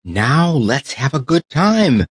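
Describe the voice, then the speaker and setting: Guy doing a jolly tin soldier, hearty, kinda low, dry booth. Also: measured pace, no echo, lightly acted. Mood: cheerful.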